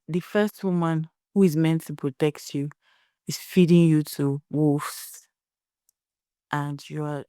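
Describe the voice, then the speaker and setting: A woman's voice: low voice, warm tone, no echo, studio quality. A young Nigerian woman hosting a solo podcast, giving blunt opinions and telling stories in a conversational way. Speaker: podcast host.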